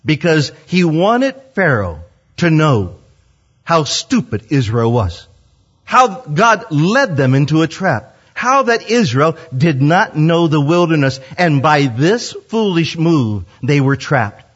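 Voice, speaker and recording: Animated preacher, husky voice. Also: male voice, on the high side, takes it slowly. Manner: animated storytelling, acts out quotes. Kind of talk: sermon. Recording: dull lo-fi sound.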